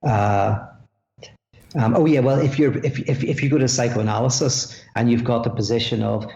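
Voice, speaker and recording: An Irish man explains his thinking as a podcast guest, with an animated delivery and quick asides. His voice is gravelly with a bit of fry. The sound is dull and lo-fi, in a roomy, echoey space. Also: mid-range voice. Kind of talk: podcast conversation.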